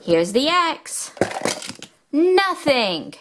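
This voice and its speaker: Female host for a kids' phonics toy video: very slow, lively, bouncy delivery with excited squeals. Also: high voice, noisy background. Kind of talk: children's educational toy demo.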